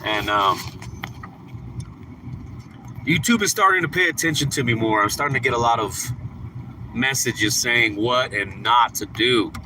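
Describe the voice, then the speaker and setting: Bright, candid male streamer rambling from his car, with faint traffic behind. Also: medium pitch, unhurried, long pauses, rough recording. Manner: rambling, candid, crude storytelling. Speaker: livestream host. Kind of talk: casual livestream chat.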